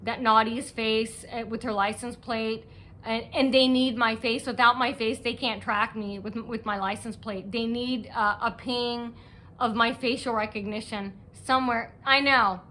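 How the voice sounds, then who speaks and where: A woman talking straight to her viewers in a rambling, aggrieved monologue. Her voice is bright and sharp, set a little high, and she keeps circling back and restarting her sentences. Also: fairly even intonation, unhurried. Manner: agitated, aggrieved, restless storytelling with many restarts. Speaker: vlogger.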